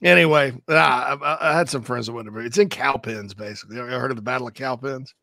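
A man's voice: medium pitch, quick pace, vocal fry, sharp tone, no room sound, studio quality. A man co-hosting a sports talk show, joking and telling stories in casual chat. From Spartanburg, South Carolina. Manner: joking, storytelling.

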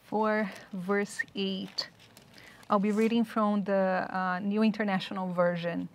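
A woman's voice: mid-range voice, level tone, slow pace. A woman in a Bible study reading a verse aloud carefully.

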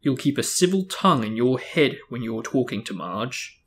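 A snarling, blustering middle-aged uncle barks threats in a storybook reading, as a man acts him out. The voice sits in a middle pitch, pushed a little louder than plain reading. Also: big pitch swings, moderate pace. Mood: gruff.

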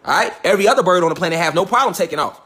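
A man's voice: high-pitched, animated, very fast, pushed and bright. A man giving a preachy, swaggering solo lecture, profane and emphatic, hammering his points with repeated rhetorical questions. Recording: echoey room.

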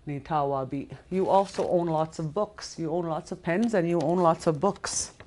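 A middle-aged woman teaching a recorded language lesson, patiently repeating words slowly and explaining step by step. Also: low-pitched, mellow, slight background noise.

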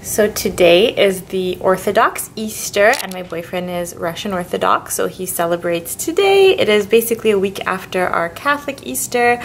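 A woman hosting a casual cooking vlog at home, chatty and enthusiastic about the food, filmed on a handheld camera. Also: mid-range voice. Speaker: vlogger host. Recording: noisy home camera audio.

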